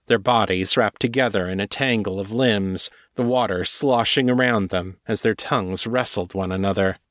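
A man with a lowish voice reads fiction aloud at a steady, measured pace, in the manner of an audiobook. The sound is dry and close to the mic. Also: no echo. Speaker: narrator and author. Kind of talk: audiobook-style fiction reading.

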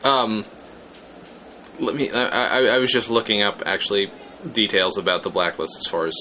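A man's voice: lowish voice, fairly even intonation, moderate pace, sharp tone, slight background noise. A man hosting a podcast in casual chat, laid-back, swearing casually and reading aloud at times. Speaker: podcast host.

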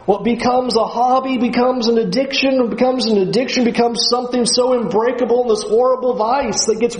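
A man's voice: extremely high pitch, fairly even intonation, a little fast, hardly any pauses, roomy sound, rough recording. A man giving a Bible lesson in an emphatic way, often acting out the voices he quotes. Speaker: Bible teacher.

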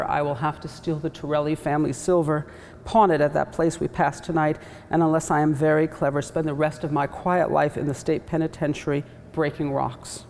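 A woman's voice: sits low, darkish tone. A woman voicing a courteous, self-deprecating older male butler in a read-aloud story. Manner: formal, wry. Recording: echoey hall, faint background noise.

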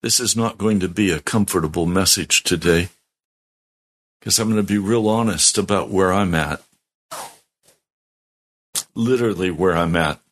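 A man's voice: low voice, normal speed, pauses often, a bit bright. A middle-aged man, a pastor, telling his testimony in a sermon, earnest and heartfelt with strong emphasis.

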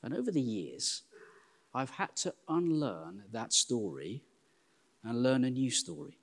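An English man in his forties preaching a sermon in a church, telling self-deprecating stories in a lively way. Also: mid-range voice, unhurried, creaky. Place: church hall. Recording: long hall reverb.

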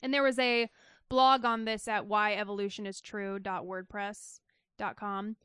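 A woman's voice: mid-range voice, level tone, a little slow, a bit bright, clear, resonant tone, no echo. A woman co-hosting a casual skeptic podcast, teasing with dry humor and reading items aloud. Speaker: podcast co-host.

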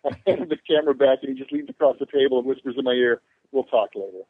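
Over a tinny phone line with a dry sound, a convention organizer appears as a podcast guest and races through long, meandering stories, poking fun at himself along the way. His mid-range voice holds a steady tone in this casual chat.

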